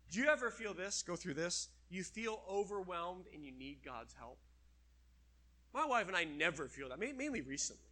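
A middle-aged male preacher with a notably high, brilliantly bright voice. He delivers his sermon with emphatic, animated energy, stretching out scripture passages for weight. The tone stays lively and direct throughout. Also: normal speed.

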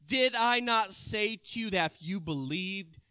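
A man preacher voicing a solemn male divine teacher who recites scripture in a measured, declaiming way. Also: sits high, bright, forceful tone, smooth, no echo.

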